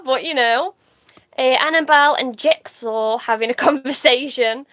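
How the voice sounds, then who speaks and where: A woman's voice: high-pitched, moderate pace, a bit bright. A woman from the UK chatting on a livestream, reading out comments, laughing easily and swearing casually. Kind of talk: casual live-stream chat reading comments.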